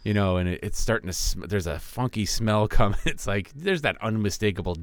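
A man's voice: lowish voice, expressive, brisk, no room sound. A man co-hosting a casual podcast, retelling a friend's story in a rambling way and chuckling often. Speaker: podcast co-host.

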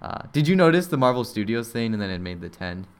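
A young man in casual chat, with a smooth, clear voice at a medium pitch. He rambles through stories with lots of fillers and restarts, and jumps into high voices when he mimics people. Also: sing-song, fast. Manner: rambling, with many fillers and repeats.

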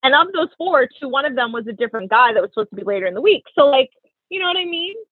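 A woman co-hosting a casual podcast, telling dating stories in a chatty, animated way with lots of "like". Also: high voice, rapid-fire, husky, no room sound. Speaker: podcast co-host. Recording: tinny phone-like sound, dry.

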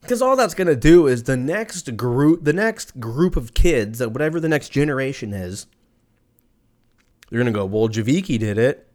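A man's voice: medium pitch, expressive, normal speed, darkish tone. A man in his thirties hosting a podcast, ranting casually in a profane, rambling, sarcastic way. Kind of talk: casual rant.

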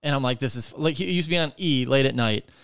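A man's voice: mid-range voice, quick pace, creaky, smooth, no echo, clean studio sound. A man hosting a podcast, ranting in casual chat with lots of swearing and filler words. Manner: profane, rambling, animated ranting with many fillers. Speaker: podcast host.

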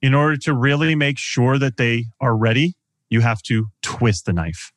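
A man's voice: medium pitch, moderate pace, no echo. A man coaching on sales in a podcast interview, talking animatedly and acting out customer dialogue.

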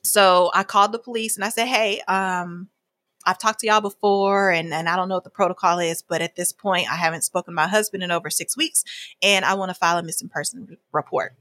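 A woman's voice: lowish voice, a little fast, dry recording. A woman, a guest telling a personal story in casual conversation, acting out what people said. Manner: animated, acts out quoted dialogue with frequent laughs.

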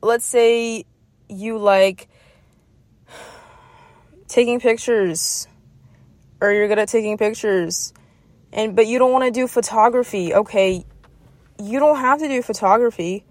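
A woman's voice: fairly high pitch, a little slow, long pauses, darkish tone, no room sound. A young woman hosting a motivational podcast, speaking in an encouraging way and often checking in with "okay?". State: getting emotional. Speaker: podcast host.

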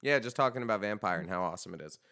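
A man's voice: on the low side, animated, very fast, crowd noise. A young man hosting a podcast in a loose, rambling chat, swearing freely and joking about his band. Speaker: podcast host and band vocalist. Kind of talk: casual chat.

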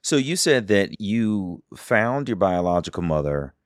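Very deep-voiced male podcast host. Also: very animated, a little slow, no echo, studio quality. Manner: reflective, sums up what the guest said. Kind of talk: interviewer summarizing and asking.

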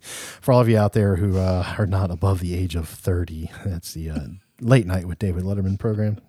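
A man's voice: low-pitched, brisk, warm tone, husky, no echo, studio quality. A man co-hosting a podcast, chatting casually and joking about a film. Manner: joking, playful asides. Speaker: podcast co-host.

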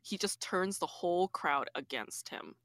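A woman hosting a podcast in casual chat. She is blunt, swears freely and keeps agreeing quickly. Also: on the low side, lively intonation, fairly bright tone. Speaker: podcast host.

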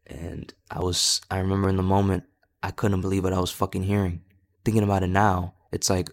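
A man's voice: deep voice, flat delivery, fast talker. A young man hosting a podcast, candidly telling a personal story in a rambling way, swearing a lot. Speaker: podcast host.

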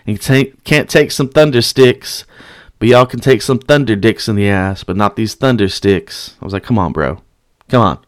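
A young man telling a rowdy story in casual, profane speech, breaking into loud chants and shouts. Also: fairly low pitch, no room sound, studio quality.

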